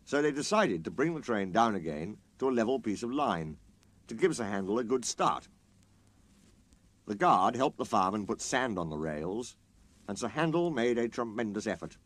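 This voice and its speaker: A man reading a children's story aloud, in an expressive, lilting storytelling manner. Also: medium pitch.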